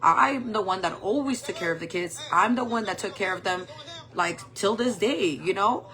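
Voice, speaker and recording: A woman's voice: medium pitch, moderate pace, fairly bright tone. A woman in her forties telling a personal story in a candid, rambling way, full of "like" and "um". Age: 40s. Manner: rambling, candid, heavy use of "like" and "um". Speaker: makeup vlogger.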